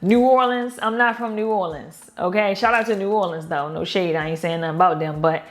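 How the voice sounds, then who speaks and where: A woman's voice: lowish voice, fairly quick. A young woman with a Baltimore accent, chatting casually to her viewers in a lifestyle vlog. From Baltimore, Maryland. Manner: chatty, addresses viewers as "girl" and "y'all". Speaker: lifestyle vlogger.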